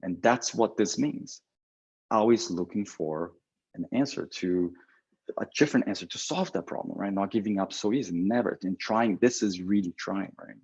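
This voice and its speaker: Husky-voiced man with a halting, energetic delivery. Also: fairly low pitch, lo-fi sound. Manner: energetic, acts out both sides of imagined phone calls; halting, with many restarts and fillers. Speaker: agency creative director. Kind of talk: motivational talk.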